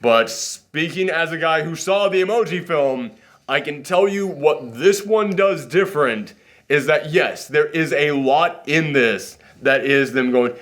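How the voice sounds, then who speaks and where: A man with a slightly high voice talks through a movie in a loose, rambling way. He pokes fun at himself and has a runny nose. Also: measured pace, a bit bright. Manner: rambling, self-deprecating, acts out quotes in silly voices. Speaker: movie reaction host. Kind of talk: casual movie review chat.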